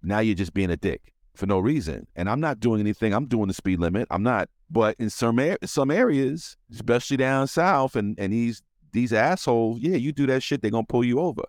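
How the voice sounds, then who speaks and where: A man hosting a podcast, telling a story in casual, profane, animated chat. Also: medium pitch, fairly quick, hardly any pauses, no echo, studio quality. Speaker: podcast host.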